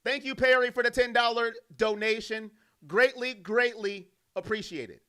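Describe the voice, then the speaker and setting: A man hosting a live fan stream, calling the plays and reading out chat messages and donations in an animated way. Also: very high-pitched, moderate pace, clean tone. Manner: animated, loud, reacts to plays and reads donations. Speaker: fan livestream host doing play-by-play.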